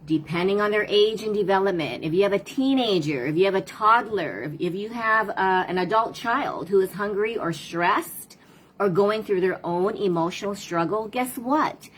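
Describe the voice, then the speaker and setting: A woman's voice: mid-range voice, moderate pace, low-quality recording. A woman parent coach talking casually to viewers on a live stream, asking rhetorical questions and replying to comments.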